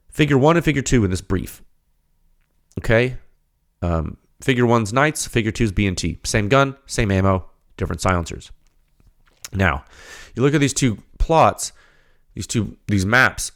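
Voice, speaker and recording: Guy hosting a tech podcast, gets worked up, lots of questions in a row, voice jumps around a lot. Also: lowish voice. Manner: animated, ranting, rapid rhetorical questions; heated, then settles into explaining data. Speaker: podcast host. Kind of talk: technical podcast talk.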